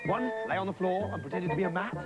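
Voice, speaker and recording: Over background music, a man tells a comic children's story in a high-pitched voice, going fast. He's gleeful and anarchic, jumping between voices, and the recording is rough.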